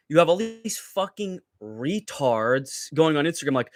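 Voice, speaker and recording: A young man rants on his livestream, swearing freely and mocking the people he talks about. His voice sits a little high for a man. The sound is dry and close, with no room around it. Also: slow pace, few pauses, dry recording. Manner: profane, heated, mocking. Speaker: livestream host. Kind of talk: ranting livestream commentary.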